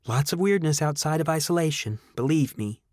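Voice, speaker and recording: Casting note: breezy, talkative young woman in an audiobook, lifted and lively, put on by a male narrator. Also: a little high, dry recording, clean studio sound, pitched above the performer's own voice, lightly acted. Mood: chatty. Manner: quick, chatty, breezy. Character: chatty, friendly young woman from town.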